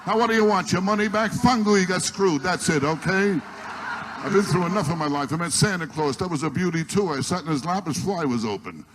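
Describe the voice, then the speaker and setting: Stand-up comedian, male, a touch high, exasperated rapid-fire one-liners, noisy old live tape. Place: live stage before an audience. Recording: noisy archival live recording.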